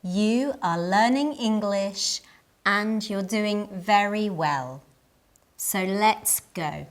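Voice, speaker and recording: A woman narrating a scripted English lesson in a clear, deliberate way. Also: mid-range voice. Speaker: English teacher.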